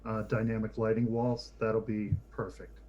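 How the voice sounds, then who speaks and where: A man playing a tabletop game, chatting in a relaxed way. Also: fairly low pitch, moderate pace, muffled recording. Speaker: player.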